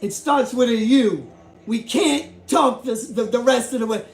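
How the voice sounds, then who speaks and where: A man with a high, gravelly voice delivers a heated commentary vlog. He hammers his points by repeating himself and raising his voice. The sound is roomy and echoing. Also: a little slow, faint music behind. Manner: emphatic, repetitive, rising to shouts. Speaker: YouTube host. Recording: echoey room.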